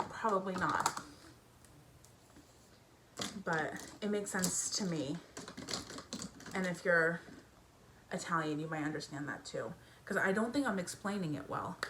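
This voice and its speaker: A woman's voice: fairly low pitch, fairly bright tone, slight background noise. A young woman chatting casually while doing her makeup in a get-ready-with-me video, with lots of fillers and a self-conscious, giggly way of talking. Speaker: beauty vlogger. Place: home bedroom with family noise downstairs.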